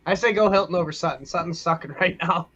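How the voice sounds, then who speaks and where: A man's voice: a little high, fast, fairly bright tone, highs cut off. A man co-hosting a podcast, chatting casually and joking, often laughing. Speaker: podcast co-host. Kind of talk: casual sports chat.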